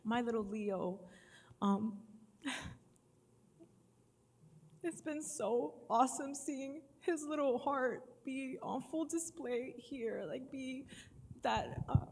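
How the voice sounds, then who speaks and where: A woman's voice: a little high, slight background noise. A woman, a parent, fondly recalling her child with rambling sentences and fillers. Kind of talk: personal testimony. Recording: reverberant room.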